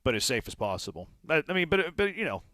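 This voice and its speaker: A man's voice: a little high, big pitch swings, fast talker, pushed and bright, dry recording. A man hosting a sports talk radio show, opinionated and rambling, with frequent restarts.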